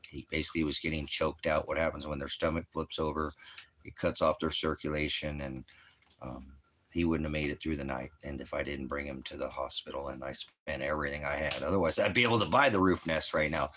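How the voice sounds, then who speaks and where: Casting: deep-voiced man, loose rambling home vlog, halting delivery. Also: fairly even intonation, fairly bright tone. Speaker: vlogger. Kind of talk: casual personal talk to camera. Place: at home indoors.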